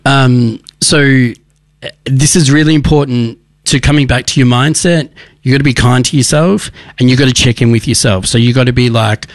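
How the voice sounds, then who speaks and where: A man's voice: medium pitch, normal speed, no room sound. Earnest rambling man, dry mic. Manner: earnest, rambling with many restarts. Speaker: radio show host. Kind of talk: casual recovery advice talk.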